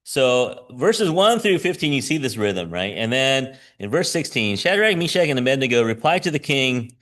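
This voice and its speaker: A man's voice: mid-range voice, sing-song, moderate pace, few pauses, a bit bright. A man who teaches school, preaching a conversational sermon with frequent chuckles and "right?" asides.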